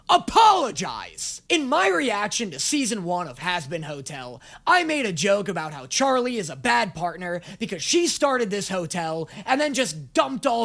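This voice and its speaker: A young man riffs through a reaction video in a lively, swooping voice with a gravelly rasp. He swings between dry asides and loud outbursts, full of sarcasm. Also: high voice, moderate pace, hardly any pauses. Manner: sarcastic, animated rants with sudden shouts. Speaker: YouTube reaction host. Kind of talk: comedic reaction commentary.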